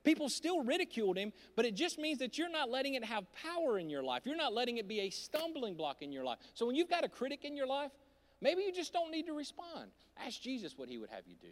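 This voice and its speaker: Man, high lively preaching voice, long hall reverb, loud-to-hushed swings. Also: quick pace. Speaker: pastor. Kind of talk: sermon. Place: church auditorium. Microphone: handheld microphone.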